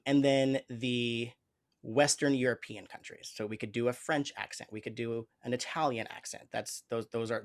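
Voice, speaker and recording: This is a male host and improv teacher in a conversational interview, with an ordinary mid-range pitch. He speaks earnestly and reflectively. He often pauses and restarts while he works out what he means. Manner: reflective, earnest, searching for words.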